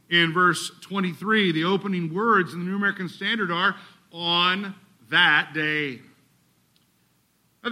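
Male pastor, sermon, high voice, very bright tone, emphatic rhetorical questions. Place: church sanctuary.

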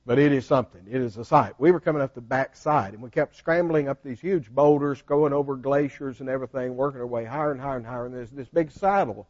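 An older man teaching a Bible study in a folksy storytelling manner, animated and laughing often. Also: medium pitch, quick pace, few pauses, no echo. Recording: dull, dry lo-fi recording.

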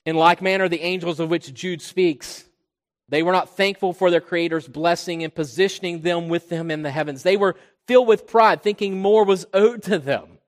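High-voiced preacher in a reverberant hall. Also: male voice, normal speed. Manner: preaching, swells loud on key points, drops low on quiet ones. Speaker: pastor. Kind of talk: sermon. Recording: long reverb of a large hall.

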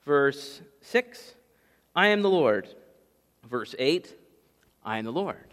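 A man's voice: medium pitch, sing-song, slow pace, a bit bright. A male pastor preaching a sermon, teaching in a conversational way with asides and questions to the congregation. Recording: church hall reverb.

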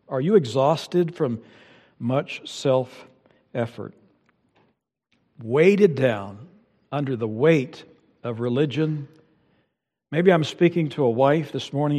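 A pastor preaching a sermon who swells loud and high on his emphases, then drops low and quiet. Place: church sanctuary. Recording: long reverb of a large hall.

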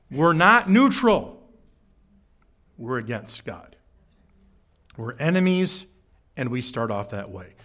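A young adult man preaching a sermon as pastor, telling a funny story with quick jokes and sudden high-pitched bursts. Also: fairly bright tone.

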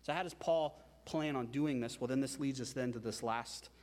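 A man preaching a sermon as pastor, emphatic and animated, with frequent repetitions. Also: mid-range voice, normal speed, big-room sound.

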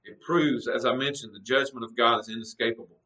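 Male pastor, sermon teaching, earnest, conversational, bright voice, a bit off-mic. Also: mid-range voice, fairly even intonation, brisk, distant mic, rough recording. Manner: earnest, conversational, reads scripture aloud with emphasis.

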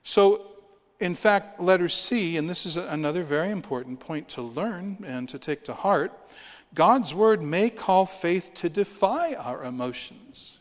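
A man's voice: high-pitched, animated, a little slow. A man preaching a sermon, emphatic, reading scripture aloud and firing rhetorical questions at his listeners. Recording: long reverb of a large hall.

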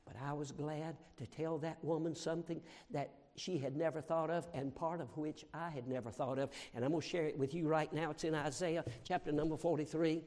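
A man with a high voice preaches in a large church, his words trailing off into a long hall reverb. He tells his story with passion and repetition, surging loud and then dropping to a hush. The delivery is pure pulpit storytelling. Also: fairly even intonation, brisk, few pauses. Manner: impassioned, repetitive, swinging from loud to hushed. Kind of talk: sermon storytelling.

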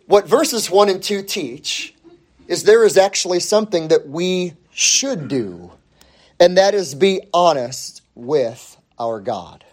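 Animated, unhurried male preacher. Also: sits high. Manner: emphatic, repeats key phrases. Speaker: pastor. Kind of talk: sermon.

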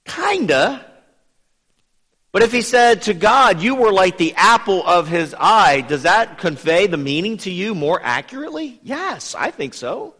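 A man with a fairly high, very lively voice teaches a Bible study, talking conversationally and turning to put questions to his listeners. A long hall reverb trails behind his words. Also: moderate pace, few pauses. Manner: lively, asks the audience questions.

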